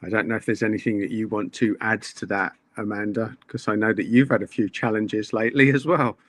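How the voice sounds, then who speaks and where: A man's voice: on the low side, steady tone, brisk, no echo. A man speaking bluntly and swearing freely as a guest in a casual live-stream chat.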